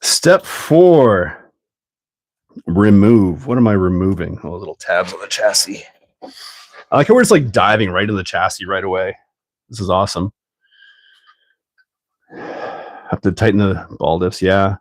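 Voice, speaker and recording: A man hosting a casual livestream while building a kit, rambling and thinking out loud, often laughing. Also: low-pitched, expressive, a little slow, pauses often, dry recording.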